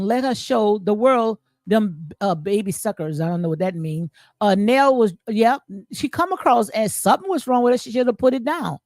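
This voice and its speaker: A woman's voice: a little high, darkish tone, no echo. Woman host for a chatty commentary stream, emphatic with repeated phrases, dry voice with light music behind. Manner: emphatic, repeats phrases, frequent "okay?" and "absolutely". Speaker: commentary channel host reading live chat. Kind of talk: casual reality-show commentary.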